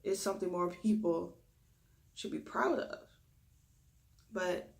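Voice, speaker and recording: A woman with a Southern drawl speaks in a low, gravelly voice with a slight lisp. She is a reiki practitioner giving a reflective talk, reining in her quick pace so she speaks slowly and deliberately. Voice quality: deep raspy voice. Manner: talks fast when excited, deliberately slowing down. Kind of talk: spoken reflection during a reiki session.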